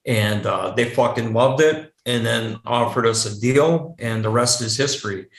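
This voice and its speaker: A man's voice: mid-range voice, measured pace. Metal guy in his 40s rambling through old band stories, cussing a lot, echoey room. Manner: swears a lot, rambling with fillers. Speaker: podcast guest, metal guitarist. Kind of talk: casual storytelling chat.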